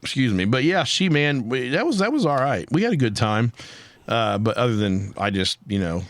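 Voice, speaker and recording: Lively profane man telling stories. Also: mid-range voice, moderate pace, no room sound. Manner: profane, rambling storyteller. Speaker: podcast host. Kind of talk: casual chat.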